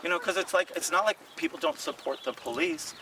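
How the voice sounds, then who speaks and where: A man's voice: sits high, fairly quick, vocal fry, distant mic, a little hiss or hum, rough recording. A comedian telling stories in casual talk on a city walk, acting out the voices of the people he quotes. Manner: animated, acts out quoted voices. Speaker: comedian and podcast co-host. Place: outdoors on city streets.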